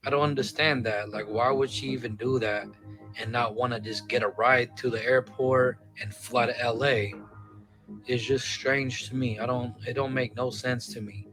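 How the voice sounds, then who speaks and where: A man's voice: mid-range voice, steady tone, normal speed, over music, poor audio. A man giving casual commentary in a played clip, asking puzzled questions about what doesn't make sense to him.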